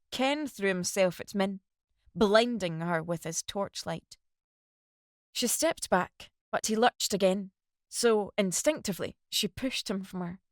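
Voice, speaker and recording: A woman reading a dramatic novel aloud as narrator, in steady storytelling. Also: mid-range voice, no echo, studio quality. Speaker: audiobook narrator.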